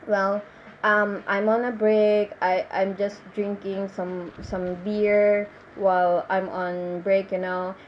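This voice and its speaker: A relaxed, slow-talking man sipping beer on his break, as a Filipino-accented woman puts him on. He drawls out his words without any hurry. The sound is slightly muffled with a faint hiss. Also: medium pitch, pitched below the performer's own voice, close to an everyday voice. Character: laid-back man drinking beer on break.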